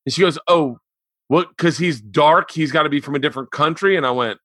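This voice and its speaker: A man hosting a podcast, telling stories in casual chat, animated with sudden loud, cursing outbursts. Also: a little high, brisk, no echo, clean studio sound. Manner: animated storyteller, loud outbursts, swears a lot. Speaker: podcast host.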